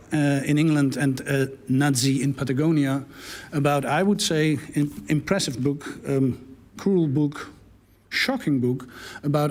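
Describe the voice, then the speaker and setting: A man introducing a speaker to a hall audience, halting and restarting often. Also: mid-range voice. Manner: halting, many fillers and restarts. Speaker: event host. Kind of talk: event introduction.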